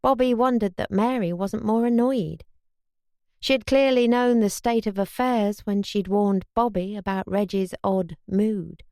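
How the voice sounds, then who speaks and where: A woman reading a wartime novel as an audiobook narrator, steady and measured. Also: medium pitch, no echo, studio quality. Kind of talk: scripted narration.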